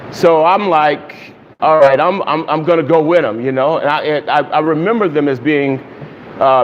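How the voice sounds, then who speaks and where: A man with a high voice preaches to his congregation, telling a story with lively laughter and chanting out the crowd's lines. His voice rings through a reverberant church hall. The recording is dull and lo-fi, with a faint hiss underneath. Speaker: pastor. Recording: long reverb, dull lo-fi sound, faint noise.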